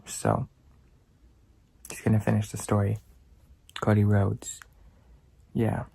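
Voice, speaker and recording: Young man, from Canada, gravelly voice, casual vlog, rambling and self-deprecating. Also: lowish voice, darkish tone. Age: young adult. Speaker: student vlogger. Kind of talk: casual vlog talk to camera.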